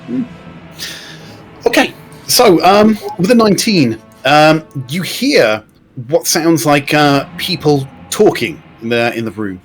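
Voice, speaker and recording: A man running a tabletop role-playing game as game master. His voice swings up and down in an animated way as he lays out the players' options. He explains things and jokes along as he goes, with faint music in the background. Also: on the high side, slow pace. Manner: lively, explanatory, jokey.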